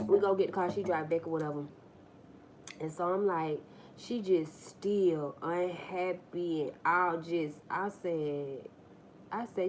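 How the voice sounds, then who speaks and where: This livestream host has a fairly low, evenly intoned voice with a measured pace and a slight hiss or hum. Speaking into a phone mic, she tells casual stories directly to viewers in a blunt, profane style, playing the characters in them.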